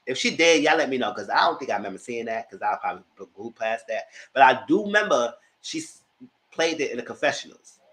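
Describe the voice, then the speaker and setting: A man giving a casual spoken recap of reality TV shows at home, colloquial and animated. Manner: animated, mocks people in high put-on voices; colloquial, with "y'all". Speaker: commentator.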